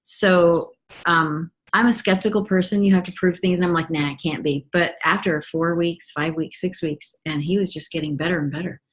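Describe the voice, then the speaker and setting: A woman's voice: on the low side, fairly even intonation, normal speed. A middle-aged woman gives a personal testimony as a mother, talking in a chatty, earnest way with frequent ums and restarts. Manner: earnest and enthusiastic.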